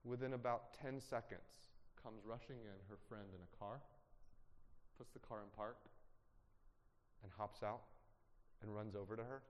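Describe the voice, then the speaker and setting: A man pastor preaching a sermon earnestly, moving between hushed emotional storytelling and emphatic points. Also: on the low side, fairly even intonation, measured pace, long pauses, long reverb tail.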